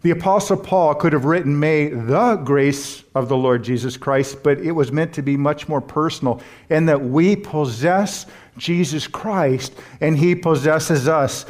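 A man preaching a sermon as a pastor and Bible teacher, earnest and emphatic, putting questions to his congregation and slowing down to stress key words. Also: a little high, a little mellow.

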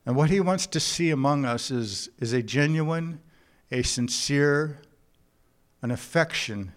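A man preaching a sermon in an earnest, unhurried way, sometimes halting and repeating words as he builds a point. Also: medium pitch. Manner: earnest preaching with told jokes and a drawn-out, halting delivery. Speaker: pastor.

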